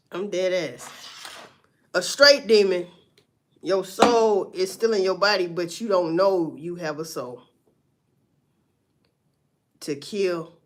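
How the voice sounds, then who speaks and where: A woman doing casual livestream commentary, blunt and profane as she talks through a story. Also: lowish voice. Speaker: livestream host.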